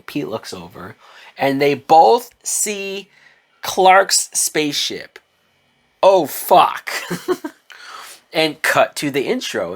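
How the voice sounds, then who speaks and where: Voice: mid-range voice, fairly bright tone. A reviewer gives a casual recap of a TV episode, chatty and swearing often, briefly acting out the characters' lines. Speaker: TV show reviewer.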